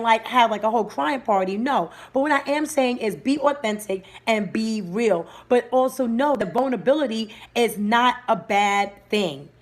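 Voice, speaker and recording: Woman preaching about goals on a live stream, kinda high voice, upbeat, stops to say hi to viewers. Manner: energetic, greets viewers by name mid-talk. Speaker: livestream host and motivational speaker. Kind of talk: live-streamed motivational talk.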